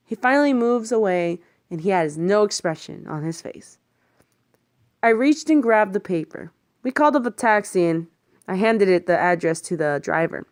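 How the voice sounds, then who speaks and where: A female narrator reads a first-person thriller aloud in a mid-range voice at a moderate pace. She's lively, doing the other characters' voices and swearing in the heat of the story, and the studio recording has no room sound.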